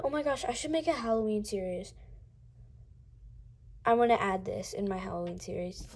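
A young woman chatting casually while unboxing toys, gushing and gasping often, sometimes dropping to a breathy coo. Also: medium pitch, normal speed, long pauses, darkish tone.

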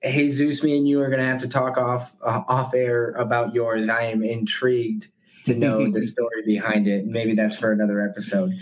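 A man's voice: medium pitch, level tone, normal speed, poor audio. A man co-hosting a podcast, chatting in a casual, friendly way and handing the floor to his guest. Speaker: podcast co-host. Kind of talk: casual chat.

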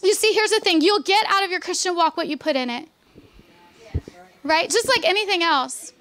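High, bright-voiced woman preaching. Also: moderate pace. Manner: fervent, declarative preaching with repeated commands; drops into soft, intimate, conversational asides. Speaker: pastor. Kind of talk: revival sermon.

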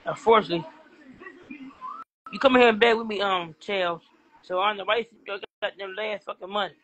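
A woman's voice: mid-range voice, fairly even intonation, moderate pace, a bit bright, slight background noise. A woman livestreaming in casual talk, repeating herself insistently and swearing a lot. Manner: repetitive, insistent, swears heavily.

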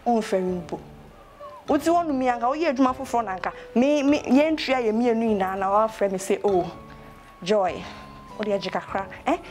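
A woman plays a gossipy young woman with a Ghanaian accent, talking on and on in a comic web series skit. Her voice sits a little high for a woman, and she flows loosely between English and pidgin, with a faint bed of music underneath. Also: animated, normal speed, a little mellow, lightly acted. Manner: chatty, gossipy, mixing English with pidgin and local words. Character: chatty young woman weighing boyfriends.

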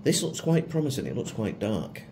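A man's voice: medium pitch, sing-song, moderate pace, creaky, a little mellow, slight background noise. A middle-aged man reviewing food for his vlog in a chatty, self-mocking way with chuckles. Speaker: food vlogger.

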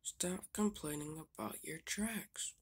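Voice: mid-range voice, slow, breathy edge. A young fan narrator voicing a grumpy, bullying male diesel engine who brushes others off, in a homemade video voice-over. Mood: dismissive. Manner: curt, dismissive.

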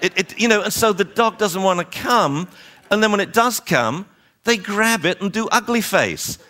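Animated man giving a seminar lecture. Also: high-pitched, normal speed. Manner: animated, acts out owners and dogs, wry exasperation. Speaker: dog training seminar lecturer.

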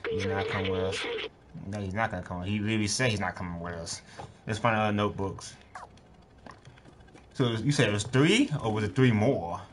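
Over loud game music and some background noise, a man with a lowish voice streams a game. His casual let's-play commentary is full of jokes, free swearing, and remarks aimed at the screen.

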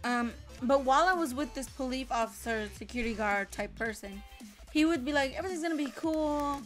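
Young woman, casual vlog storytelling, rambling, swears often, high voice, light music behind. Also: brisk, fairly bright tone. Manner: rambling, swears a lot, many fillers. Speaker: storytime vlogger.

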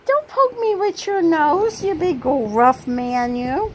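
A woman voicing a gentle female dog, high and pleading as she scolds a rough playmate. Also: lively intonation, slow, a little hiss or hum, full character voice. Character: gentle female shepherd dog, sweet and fussy.

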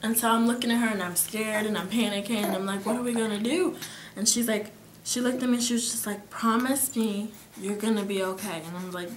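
Emotional teen girl with a high voice. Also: fairly even intonation, fast, a little hiss or hum. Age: teens. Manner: emotional, swings between whispers and near-shouting. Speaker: guest sharing a dream. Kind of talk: casual storytelling. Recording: echoey room.

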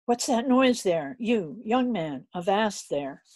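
A woman voicing a brisk, bossy older landlady who scolds and fusses over her premises. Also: mid-range voice, animated, darkish tone, no echo. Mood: scolding. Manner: scolding, bustling, indignant.

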